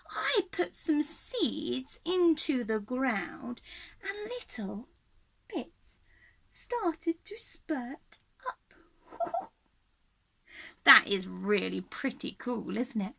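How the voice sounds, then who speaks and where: A woman's voice: high voice, creaky, bright, forceful tone. A young woman leading a children's singalong and movement lesson, bubbly and encouraging, with a sing-song delivery and frequent laughs. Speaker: early years music and drama teacher.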